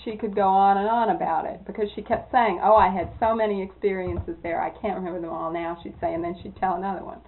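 A woman recounts old anecdotes for an oral history interview, lively and quick to laugh. Her voice sits at an ordinary pitch for a woman. The recording is thin and phone-like, like an old cassette. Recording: tinny lo-fi tape, phone-like.

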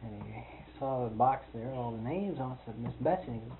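A man's voice: mid-range voice, quick pace, few pauses. Storyteller, man, rambling and amused, tinny lo-fi recording with hiss. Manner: rambling, amused, chuckles often. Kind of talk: personal storytelling.

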